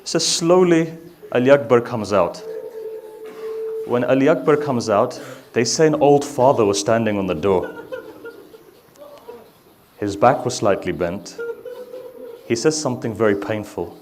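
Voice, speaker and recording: A man giving a mourning sermon, reciting slowly and rising to loud grieving cries. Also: mid-range voice, animated. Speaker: Shia religious speaker.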